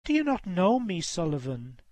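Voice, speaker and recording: A man's voice: high-pitched, sing-song, moderate pace, no room sound. A man voicing a tearful pleading young woman. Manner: earnest, imploring, soft.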